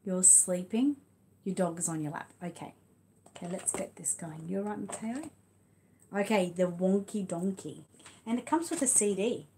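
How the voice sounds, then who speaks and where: An Australian woman talks casually to her audience and a child in a dim room at home. She reads a funny storybook with animated rhythm and hee-haw noises. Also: medium pitch, moderate pace, a little hiss or hum. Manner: chatty, talks to viewers and child; animated storytelling, braying sound effects. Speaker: channel host reading a story aloud. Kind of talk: casual chat and storybook read-aloud. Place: home room with lights dimmed.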